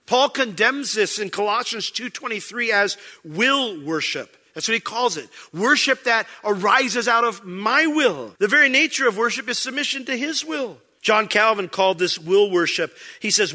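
Male pastor, sermon, bright tense tone, fairly high voice, emphatic, conversational. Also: animated, normal speed, hardly any pauses.

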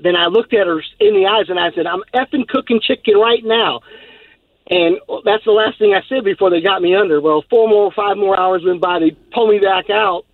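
This Texan caller talks fairly quickly in a high-pitched voice, barely pausing as he tells a long story on a radio show. He rambles and laughs, using many fillers, and comes through a tinny, dry phone line.

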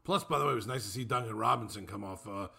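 A man co-hosting a sports talk radio show, giving steady, conversational game analysis. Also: on the low side, very fast, creaky, breathy edge.

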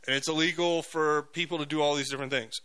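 Bright-voiced male talk radio host. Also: on the high side, a little fast, clean tone, poor audio. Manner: animated storytelling with frequent fillers and restarts.

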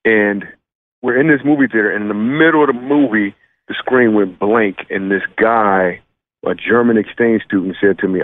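Low-voiced comedian on a tinny phone line. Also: male voice, moderate pace. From Michigan, USA. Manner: joking, animated storyteller. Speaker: comedian guest. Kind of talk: phone-in radio interview.

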